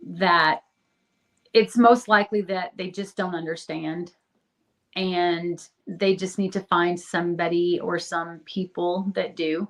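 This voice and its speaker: A woman with a somewhat low voice speaks as a podcast guest. She talks in a casual, earnest way and encourages listeners as she shares advice. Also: fairly even intonation, slow pace. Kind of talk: podcast interview.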